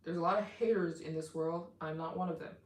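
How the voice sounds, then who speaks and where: A woman hosting a casual live stream as a travel vlogger, talking to her viewers in an effusive, excitable way with lots of "like.". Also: fairly low pitch, fairly quick, echoey room. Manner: effusive and excitable, heavy use of "like".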